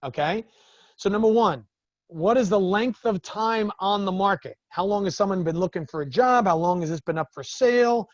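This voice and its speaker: Male business coach, higher voice, lively storyteller who acts out exchanges, close and dry sound. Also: normal speed, dry recording, lo-fi sound. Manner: animated storytelling, acts out the other people in his stories. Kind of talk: talking to a group of business owners.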